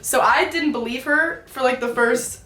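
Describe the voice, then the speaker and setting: A woman's voice: sits high, normal speed, fairly bright tone, soft background music. A young woman of about twenty chatting casually and giggling as she rambles through a story. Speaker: vlogger. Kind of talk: casual chat. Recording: roomy, from some distance off the mic.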